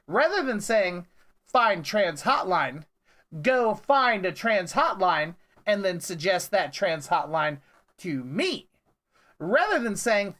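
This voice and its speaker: Bright, lively, exasperated streamer. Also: medium pitch. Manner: exasperated, rambling, swearing. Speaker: prank call streamer. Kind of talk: casual ranting to chat.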